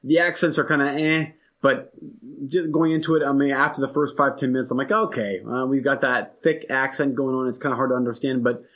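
Man, casual movie talk, relaxed, agreeable, enthusiastic, mid pitch. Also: fast talker. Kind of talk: casual movie review chat.

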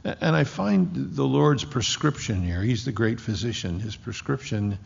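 A man preaching a sermon with impassioned, slowly drawn-out emphasis. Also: medium pitch, animated, creaky, breathy edge. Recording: dull lo-fi with long hall reverb.

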